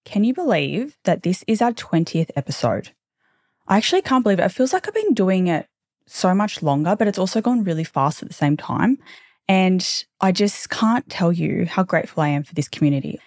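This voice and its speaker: Woman in her thirties, low voice, candid chatty host, dry close sound. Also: very animated, moderate pace, darkish tone, dry recording. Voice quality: low, not girly voice. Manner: candid, chatty, casually swearing, goes off on tangents. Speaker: podcast host. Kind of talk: casual chat.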